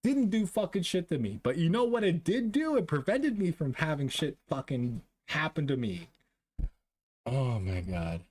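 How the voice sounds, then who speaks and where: A Canadian man streaming live, reading chat and ranting about vaccines, exasperated and profane, swinging between loud outbursts and low muttering. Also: sing-song, normal speed. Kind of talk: casual livestream chat.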